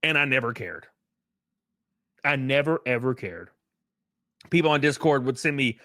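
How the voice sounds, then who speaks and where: A man's voice: medium pitch, lively intonation, normal speed, pauses often, sharp tone, no echo, studio quality. A man talking as a YouTuber in a commentary clip, with a dismissive, offhand manner.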